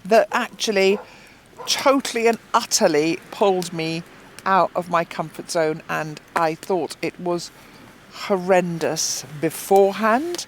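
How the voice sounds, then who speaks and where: A woman's voice: fairly low pitch, a little slow, slight background noise. A woman on a beach by a fire, telling a story animatedly and acting out other people's lines. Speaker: founder of a swimming group, interviewee. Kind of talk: casual storytelling. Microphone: handheld microphone.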